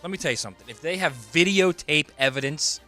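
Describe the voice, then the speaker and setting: Very bright man giving blunt sports takes. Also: a little high, animated, fast talker, soft background music. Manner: blunt, emphatic opinions. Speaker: sports radio co-host. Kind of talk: casual sports radio debate. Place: radio studio.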